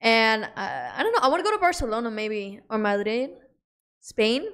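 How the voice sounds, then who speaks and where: A woman's voice: a little high, big pitch swings, moderate pace, a bit bright, clear, resonant tone. A young adult woman co-hosting a podcast in a casual chat, playful, teasing and full of slang. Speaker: podcast co-host.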